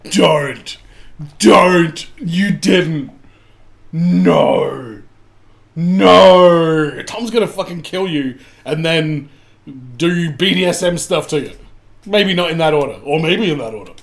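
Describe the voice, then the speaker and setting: A man breaks in with sarcastic, wry asides while reacting to a story. His voice sits slightly above the usual male pitch, and the delivery stays dry and mocking. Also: expressive, takes it slowly, vocal fry. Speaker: reaction commentator. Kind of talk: reaction commentary.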